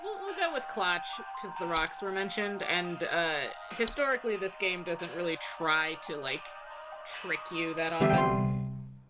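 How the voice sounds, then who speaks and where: A woman's voice: lowish voice, lively intonation, unhurried, music in the background, poor audio. A young woman streaming a game, chatting casually and rambling with lots of fillers. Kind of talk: casual let's-play commentary.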